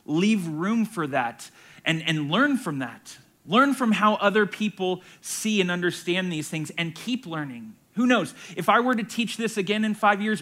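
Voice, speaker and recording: Pastor type, male, bright higher voice, emphatic teaching with rhetorical questions. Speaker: pastor teaching a Bible class. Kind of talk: sermon-style Bible teaching.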